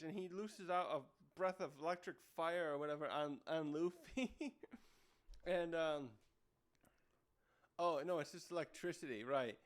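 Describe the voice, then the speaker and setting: A man's voice: fairly high pitch, measured pace. A man reviewing a comic chapter in casual chat, rambling with many fillers and restarts. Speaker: manga reviewer.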